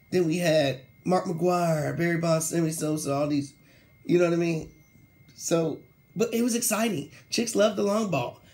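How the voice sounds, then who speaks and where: A young man hosting a sports talk show, ranting casually with slang, laughing mid-sentence and mocking quoted players in a lower voice. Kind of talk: casual solo sports rant.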